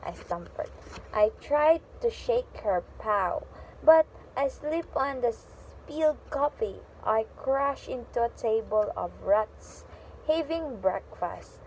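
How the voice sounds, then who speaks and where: Woman reading a storybook aloud, slow. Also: fairly high pitch, a little hiss or hum, low-quality recording. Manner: slow, expressive reading with reactions. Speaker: storybook reader. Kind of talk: reading a children's book aloud.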